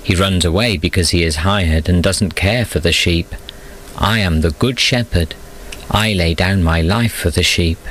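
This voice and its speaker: A man with a low voice reads a children's Bible story aloud. His delivery is calm and measured, the steady pace of a storyteller. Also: a little hiss or hum, rough recording. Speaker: narrator.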